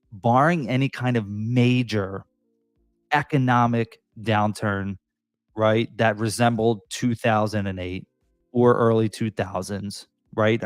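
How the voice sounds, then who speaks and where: A man's voice: on the low side, dry recording, clean studio sound. A man with a Philadelphia accent, a real estate broker hosting a casual livestream, talking in a loose, rambling way full of fillers and restarts.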